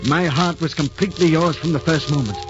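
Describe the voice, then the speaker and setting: An actor playing Admiral Nelson, an ardent, heroic naval lover, with an earnest, impassioned theatrical delivery in a 1940s radio drama. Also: male voice, on the high side, brisk, natural voice. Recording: muffled old radio broadcast with music.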